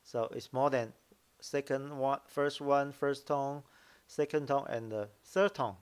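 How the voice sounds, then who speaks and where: A man with a Mandarin Chinese accent teaching a live online lesson, halting, restarting phrases and demonstrating tones out loud. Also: medium pitch, smooth. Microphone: computer mic, video call.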